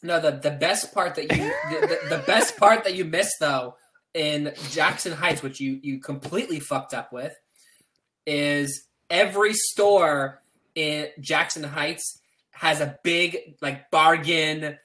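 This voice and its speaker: A man's voice: fairly high pitch, expressive, slow pace, bright, forceful tone, a little hiss or hum. A man chatting as a podcast guest, rambling and laughing while he tells stories. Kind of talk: casual chat.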